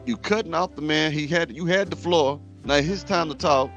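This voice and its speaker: A man's voice: fairly high pitch, expressive, brisk, few pauses, fairly bright tone, soft background music. Heated, blunt male host ranting. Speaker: host reacting to a clip. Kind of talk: commentary rant.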